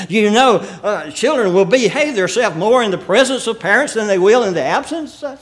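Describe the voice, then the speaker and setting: A man with a high voice preaches a sermon. He reads scripture slowly and then explains it in plain, folksy talk. He often clears his throat and chuckles softly between points. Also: expressive.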